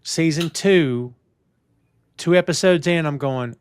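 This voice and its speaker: Animated, jokey man in casual commentary. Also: normal speed. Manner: jokey, acts out silly voices, big pitch swings. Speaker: podcast co-host.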